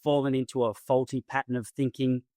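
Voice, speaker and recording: A man's voice: medium pitch, flat delivery, fairly quick, warm tone, no echo, clean studio sound. A man hosting a podcast, talking casually and in a friendly way with some fillers. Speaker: podcast host. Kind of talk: casual interview talk.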